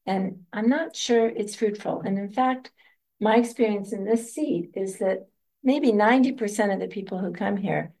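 An older woman, a meditation teacher, giving a gentle and reflective dharma talk as she answers a student's question, often laughing softly. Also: mid-range voice, moderate pace.

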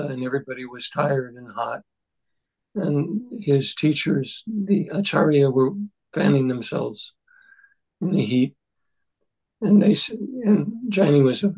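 An older man leading a text study group, speaking in a halting, thoughtful way with many restarts. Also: fairly high pitch, a little mellow, slightly rough, rough recording. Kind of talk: discussion of a Buddhist text.

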